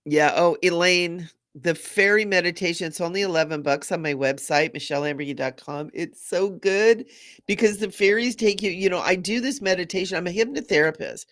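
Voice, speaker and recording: A woman's voice: on the low side, brisk. A middle-aged woman hosting a spiritual live stream, bubbly and gushing, laughing often as she talks to viewers. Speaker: spiritual medium and livestream host.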